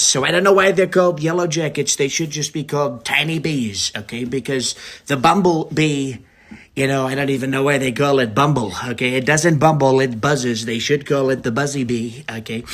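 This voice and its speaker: A man's voice: medium pitch, lightly acted. Male comic playing a boastful little-boy Trump with a rambling, "quite frankly" delivery in a mid-range voice. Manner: rambling, ends phrases with "okay?" and "quite frankly". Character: boastful preschool-aged boy Donald Trump. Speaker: comedian. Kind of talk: comedy impression sketch.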